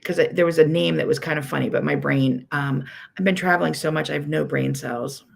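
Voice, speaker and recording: A woman with a low, steady, creaky voice and a breathy edge talks briskly. She teaches quilting and hosts a weekly livestream from Pittsburgh, USA, speaking in a Pittsburgh accent, casually rambling with frequent "um"s and greeting viewers by name.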